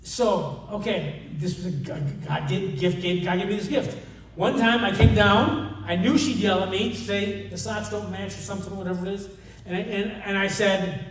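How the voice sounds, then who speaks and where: Older man, retreat speaker, fairly high voice, heavy room echo, heard from a distance, joking storytelling with restarts. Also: normal speed. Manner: humorous storytelling with many restarts. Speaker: conference speaker. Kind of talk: retreat talk. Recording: distant, very echoey room mic.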